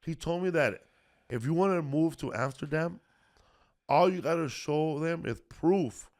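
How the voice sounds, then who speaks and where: A man's voice: on the high side, measured pace, darkish tone. A middle-aged man hosting a podcast, telling comedy-tour stories in a loose, profane, casual way. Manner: loose, profane, peppered with "bro". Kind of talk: casual storytelling chat.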